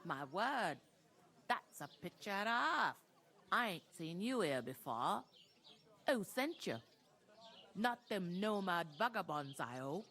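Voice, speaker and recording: A bossy, suspicious middle-aged tavern keeper in a medieval video game. She talks down to strangers and orders them about in a plain mid-pitched voice. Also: sing-song, slow pace, long pauses, fairly bright tone, exaggerated voice.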